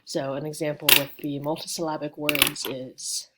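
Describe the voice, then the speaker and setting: Chatty low-voiced woman teaching grammar. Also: level tone, normal speed, heavy background noise. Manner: chatty and informal, with many fillers and asides. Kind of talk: casual online grammar lesson. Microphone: home webcam setup.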